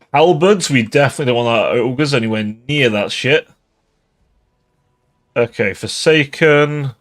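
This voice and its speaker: A man's voice: medium pitch, fairly bright tone. A tipsy man giving casual livestream commentary on a strategy game, swearing often and laughing between remarks. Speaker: game streamer.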